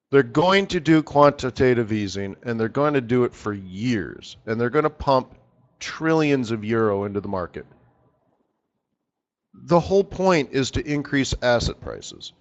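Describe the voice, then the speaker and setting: A man hosting a live trading strategy session, chatting casually and animatedly with viewers by name as he teaches. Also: medium pitch. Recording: dull lo-fi stream audio.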